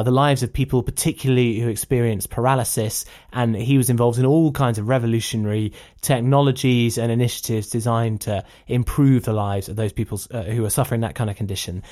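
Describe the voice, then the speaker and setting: A man's voice: medium pitch, a little mellow. A man hosting a film review podcast, talking in an enthusiastic, persuasive, rambling way. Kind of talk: casual film review chat.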